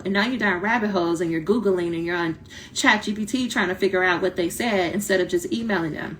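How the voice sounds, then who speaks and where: A woman coaching doctoral students in a casual live talk, blunt and lively, acting out quoted voices, her voice starting to tire. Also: medium pitch, brisk, a little hiss or hum. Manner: animated, blunt, talks directly to viewers, acts out quoted voices. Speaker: dissertation coach.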